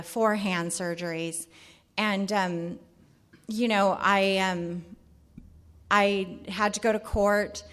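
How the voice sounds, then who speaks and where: A woman's voice: medium pitch, fairly bright tone. Candid middle-aged woman telling her story. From California, USA. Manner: candid, halting, lots of fillers. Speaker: speaker at a recovery meeting. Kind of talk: personal recovery story.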